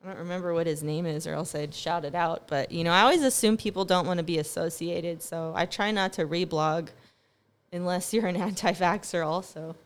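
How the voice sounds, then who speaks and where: A woman's voice: lowish voice, steady tone, brisk. A young woman talks in a loose, rambling monologue. She is sarcastic, swears freely and laughs often as she goes. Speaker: vlogger.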